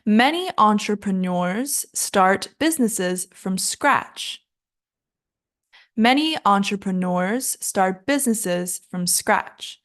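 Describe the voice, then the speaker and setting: In a casual English pronunciation lesson, a woman, possibly, speaks with an expressive, medium-pitched voice. She chats freely, mocks herself and laughs at her slips, and models words in a slow, drawn-out way. She sounds exhausted from recording multiple episodes consecutively.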